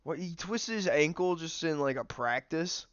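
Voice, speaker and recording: A young man chats casually while streaming a game and snacking, rambling and leaning heavily on fillers. His voice is on the high side, animated and a bit bright at a moderate pace, with lo-fi sound and no room sound.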